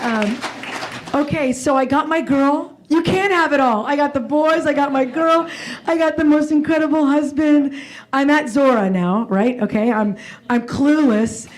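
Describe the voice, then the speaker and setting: High-voiced woman telling a heartfelt story. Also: measured pace. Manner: emotional, repeats words and restarts often. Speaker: keynote speaker. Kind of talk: personal storytelling talk. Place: event hall before an audience.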